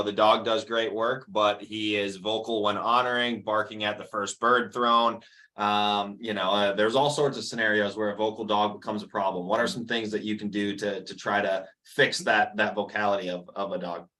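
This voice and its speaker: Male Q&A host, low flat voice with a bright edge, halting delivery. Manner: hesitant, many fillers. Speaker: host reading viewer questions. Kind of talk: live Q&A moderation.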